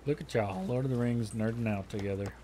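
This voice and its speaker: A livestreamer chats casually with viewers while playing a game, muttering to himself in half-finished thoughts. His voice is medium-pitched and quick, with a noisy background.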